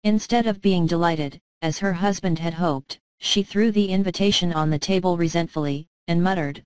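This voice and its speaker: A woman narrates a classic short story in a calm, measured reading. Her voice is low and smooth, and the close recording is dry with no room sound. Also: dry recording, rough recording. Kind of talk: scripted narration.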